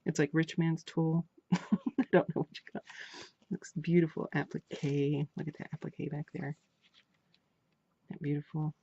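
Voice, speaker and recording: A woman's voice: sits low, little pitch movement, a little fast, mellow, breathy edge. A woman vlogger chatting casually while unboxing crafts, gushing and repeating her praise. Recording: dull lo-fi home recording.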